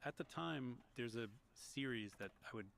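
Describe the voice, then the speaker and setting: This man, a history podcaster and author from Long Island in the United States, is a guest in a conversational interview, telling his story in a reflective, storytelling way with small restarts. His mid-range voice is animated, creaky and fairly bright, at a moderate pace. A little hiss or hum can be heard.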